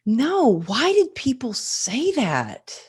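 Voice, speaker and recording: A woman's voice: on the high side, wildly swooping pitch, slow, slightly rough. A woman podcast host in a conversational interview, speaking in an earnest, personal, reflective way.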